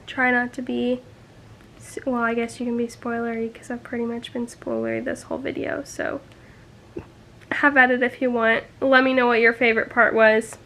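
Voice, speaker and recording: A woman's voice: on the high side, bright, forceful tone. A young woman talking casually as a book vlogger, emotional, with frequent sighs and fillers. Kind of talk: casual reading vlog reactions.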